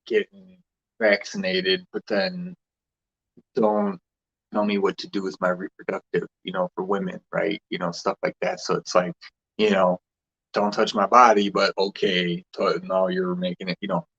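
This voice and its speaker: A young man chats loosely on a livestream, circling back on his words with plenty of fillers and restarts. His voice sits on the low side. The stream audio sounds dull and muffled. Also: monotone, normal speed, vocal fry, husky. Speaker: livestream host. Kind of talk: rambling casual livestream chat.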